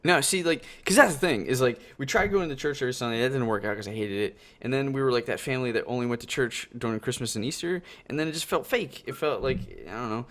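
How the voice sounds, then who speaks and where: A man co-hosting a casual podcast over an online call, excitedly rambling through childhood stories. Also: quick pace, hardly any pauses. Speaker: podcast co-host. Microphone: online call headset or desk mic. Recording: low-level voice call audio.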